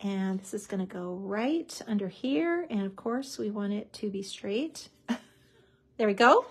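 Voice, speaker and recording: A woman's voice: a little high, normal speed, slightly rough. A woman hosting a live crafting tutorial, chatty and bubbly, with many fillers.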